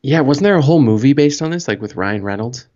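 A man's voice: mid-range voice, expressive, fast talker, a little mellow. A man with a Canadian accent co-hosting a podcast, laid-back with dry humor. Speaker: podcast co-host. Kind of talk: casual chat. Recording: dull lo-fi sound.

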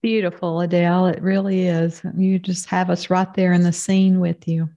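A woman's voice: fairly low pitch, level tone, moderate pace, warm tone, muffled recording. A woman over fifty hosting a podcast, asking encouraging, open questions. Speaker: podcast host. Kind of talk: interview questions.

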